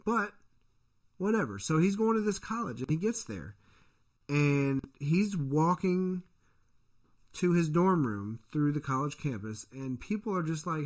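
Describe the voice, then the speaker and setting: An adult father co-hosting a casual podcast tells a rambling, profane story, acting out the voices of the people in it. His voice is a little high, expressive and unhurried.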